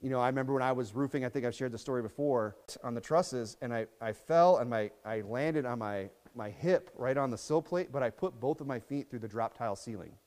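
A man delivers a sermon in a loose, chatty manner, breaking up scripture readings with asides and tag questions. His voice sits at a middling pitch. A long reverb trails each phrase, as in a church hall. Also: brisk, few pauses, a little mellow. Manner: reads scripture aloud in King James wording. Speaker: pastor.

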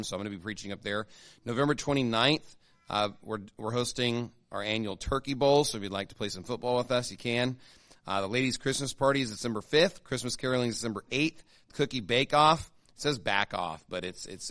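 A man's voice: medium pitch, fairly bright tone, dry recording. A man, a pastor giving church announcements in a casual, chatty way with many fillers and restarts. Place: church sanctuary.

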